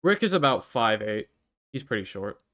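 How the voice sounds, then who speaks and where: A man's voice: lowish voice, sing-song, moderate pace, a bit bright. A man narrating as game master in a tabletop game, in a playful storyteller manner.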